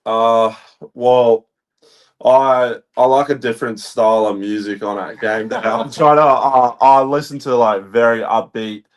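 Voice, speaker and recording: A man's voice: mid-range voice, steady tone, measured pace. A young man, a basketball player guest, answering in a hesitant, laid-back way with lots of fillers. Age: young adult. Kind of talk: casual podcast chat.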